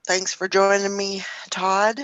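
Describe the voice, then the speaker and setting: A woman's voice: medium pitch, flat delivery, takes it slowly, a bit bright, dry recording, poor audio. A woman hosting a casual morning chat show, chatty and laughing often. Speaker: show host.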